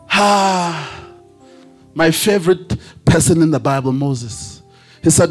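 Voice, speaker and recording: Husky high-voiced male preacher, sing-song. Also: slow pace, long pauses, soft background music. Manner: sing-song preaching cadence that rises into shouts. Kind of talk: sermon.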